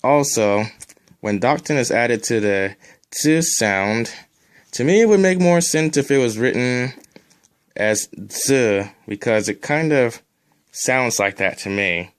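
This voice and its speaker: A man's voice: medium pitch, lively intonation, measured pace, clear, resonant tone. A man teaching a recorded language lesson, drilling sounds one at a time and adding casual asides.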